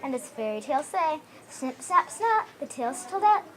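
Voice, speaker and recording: A woman reading her own fairy tale aloud in an expressive storybook manner. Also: sits high, normal speed.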